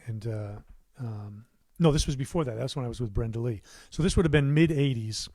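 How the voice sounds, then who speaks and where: A middle-aged American man talks casually to his livestream viewers, rambling and restarting as he answers questions. His voice sits at an ordinary pitch and sounds close and dry, with no room echo, as he chats from his recording studio. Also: brisk. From United States. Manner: rambling, warm asides, many fillers and restarts. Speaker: musician hosting his own livestream.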